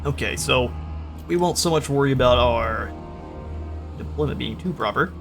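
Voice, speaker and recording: A man's voice: mid-range voice, moderate pace, creaky, soft background music. Laid-back man narrating a strategy game. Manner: relaxed, thinking aloud with frequent fillers. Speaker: gaming channel host. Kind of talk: casual strategy game commentary.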